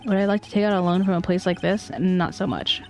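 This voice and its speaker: A woman's voice: on the low side, quick pace, darkish tone, soft background music, close to an everyday voice. A woman reading the lines of a nervous, wry young male defense lawyer with dry sarcastic asides. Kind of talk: reading game dialogue aloud.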